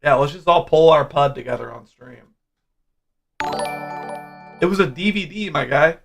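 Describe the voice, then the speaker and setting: Young male stream host, gravelly, reads chat donations in a loose casual way. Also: fairly high pitch, lively intonation, normal speed, music in the background. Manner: loose, filler-heavy, reads donations aloud. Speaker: livestream host.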